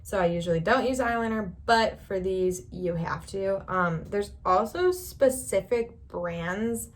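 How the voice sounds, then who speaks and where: A young woman talks through a beauty tutorial in a loose, rambling way, stopping now and then to laugh. Her pitch sits in the middle and she keeps telling her viewers not to worry. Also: measured pace. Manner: chatty, rambling, reassuring, laughs often. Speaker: beauty vlogger. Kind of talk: casual makeup tutorial.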